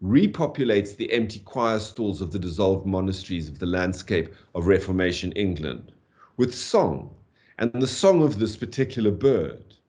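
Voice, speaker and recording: A man lectures on poetry with a lively, swooping delivery, his voice sitting fairly low. He sounds out rhythms aloud and keeps checking in with his listeners by saying "okay". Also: normal speed. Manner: animated, vocalizes rhythms aloud, frequent "okay". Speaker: literature lecturer. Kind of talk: university lecture.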